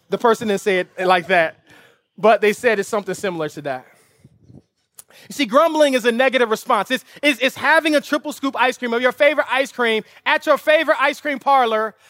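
The pitch is extremely high, pushed and bright, in a dry, studio-quality recording. Preaching at an outdoor lawn service, the pastor tells a family story vividly and climbs toward emphatic, repeated rhetorical appeals with impassioned fervor.

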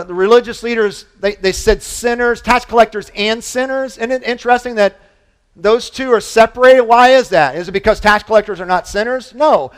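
A man preaching a sermon as pastor, conversational and animated, with frequent restarts and asides, swinging between loud emphasis and quiet low moments. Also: smooth.

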